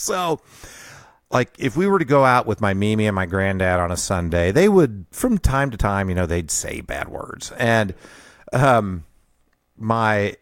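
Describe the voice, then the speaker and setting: A man's voice: fairly low pitch, no room sound. Dry-miked man in his fifties, chuckling. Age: 50s. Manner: rambling, self-deprecating, chuckling. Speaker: podcast host. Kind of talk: personal storytelling monologue.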